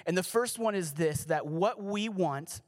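A man's voice: high voice, unhurried. A man giving a sermon as pastor, reading scripture and adding casual, joking asides.

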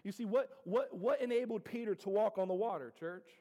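Pastor, male, high voice, preaching with big dynamic swings, echoing sanctuary. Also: fairly quick, mellow. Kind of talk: sermon. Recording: reverberant hall.

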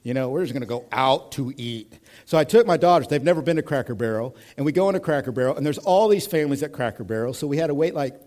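A male pastor in his thirties preaches a sermon in a lively, conversational style, swinging between hushed and loud moments. His mid-range voice moves fast with few pauses.

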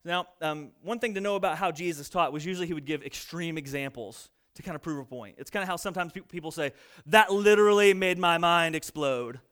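A man preaching a sermon, reading scripture and acting out boastful people in lively asides. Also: fairly high pitch, quick pace, few pauses. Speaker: pastor.

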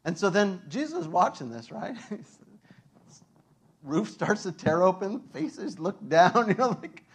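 Animated, chatty man preaching, slightly high voice. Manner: animated, conversational, with many fillers. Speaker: pastor. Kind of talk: sermon.

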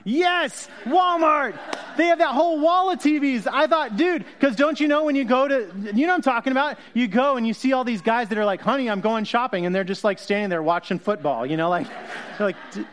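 A man's voice: very high-pitched, fairly quick, a bit bright. A man preaching a conversational sermon, joking, laughing and correcting himself as he goes. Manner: jokey, self-correcting, laughs often. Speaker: pastor.

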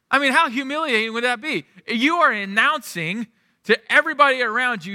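A middle-aged man preaching in a church, his voice high and strikingly bright. He talks to the congregation conversationally and keeps checking in with them. His words ring out with a long reverb tail from the hall. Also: brisk, studio quality. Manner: conversational, asks the room "right?". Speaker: pastor. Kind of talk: sermon.

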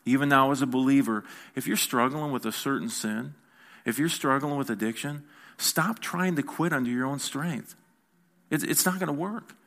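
Pastor preaching conversationally. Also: male voice, mid-range voice, normal speed, fairly bright tone. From United States. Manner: conversational preaching, rhetorical questions, repeats words. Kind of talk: sermon.

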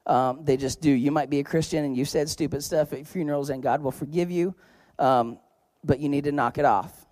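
Pastor guy preaching, kinda high voice, chatty and jokey, punches words hard, dry sound. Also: fairly quick, dry recording. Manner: conversational, joking storytelling with sudden loud emphasis. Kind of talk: sermon. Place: church.

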